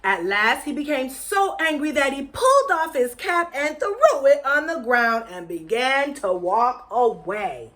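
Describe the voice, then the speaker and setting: A woman teacher reading a picture book aloud to children, gently encouraging them to join in with movements. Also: high voice, expressive. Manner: slow, gentle, encouraging, leading children in actions.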